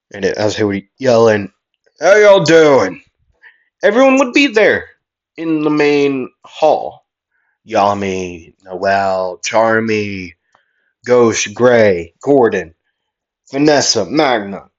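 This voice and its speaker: A man narrating an improvised fan story at an unhurried pace. He rambles, corrects himself and fills gaps with fillers. The recording sounds dull and lo-fi. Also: on the low side.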